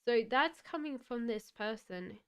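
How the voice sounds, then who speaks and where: Woman tarot reader, gentle, halting with fillers, slightly high voice, slow. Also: expressive, clear, resonant tone. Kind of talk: live-streamed card reading.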